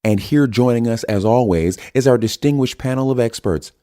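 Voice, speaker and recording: A man's voice: medium pitch, moderate pace, no room sound, studio quality, pitched above the performer's own voice, close to an everyday voice. A man voicing a slick female news anchor. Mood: anchor-bright. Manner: bright, upbeat broadcaster delivery.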